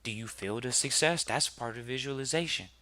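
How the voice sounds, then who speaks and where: A man hosting a podcast, giving a motivational talk full of rhetorical questions to listeners and building to loud emphatic peaks. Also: mid-range voice, fairly quick, no room sound. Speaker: podcast host.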